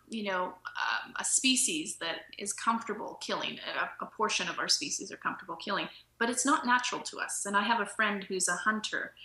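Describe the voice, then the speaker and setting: A woman's voice: mid-range voice, sharp tone. A woman guest on a podcast, a nutritionist speaking casually and telling stories with plenty of laughter. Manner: storytelling, laughs often, acts out quoted dialogue. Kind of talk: casual interview storytelling. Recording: roomy echo.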